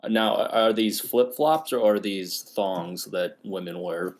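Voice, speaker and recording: Joking low-voiced podcast co-host. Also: male voice, measured pace. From Australia. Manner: joking, teasing, laughs often. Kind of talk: casual crude podcast banter.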